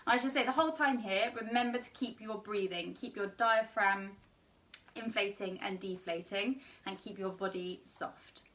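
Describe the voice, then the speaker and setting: A woman's voice: medium pitch, moderate pace, a bit bright, far from the mic. A young woman teaching an online singing lesson with a slightly tired voice, explaining and demonstrating sung vowels.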